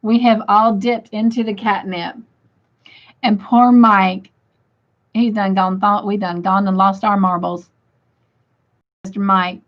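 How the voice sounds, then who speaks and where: A woman's voice: medium pitch, level tone, takes it slowly, long pauses. A woman hosting a livestream, reading chat comments aloud and laughing often. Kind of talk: casual chat. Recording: dull lo-fi sound.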